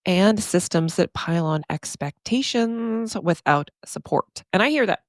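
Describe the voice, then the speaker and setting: A woman's voice: fairly low pitch, expressive, a little slow, dry recording, studio quality. A woman therapist hosting her podcast, talking casually and emphatically with frequent laughs and asides. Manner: chatty and emphatic, often says "y'all".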